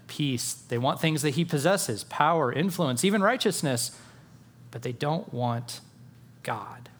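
A man preaching a sermon, earnest, dropping quiet for emphasis and rising for rhetorical questions. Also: mid-range voice. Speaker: pastor.

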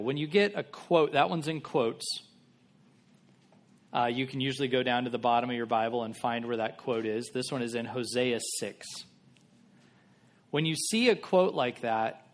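A man giving a sermon in a casual, conversational style, acting out biblical characters in everyday voices. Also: mid-range voice. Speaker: pastor.

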